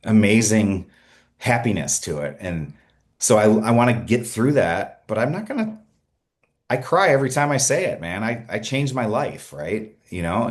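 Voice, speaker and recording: A middle-aged man with a very low, deep voice speaks on a podcast as the guest. He talks earnestly and with energy, tripping over his words and restarting sentences as he goes. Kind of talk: conversational interview storytelling.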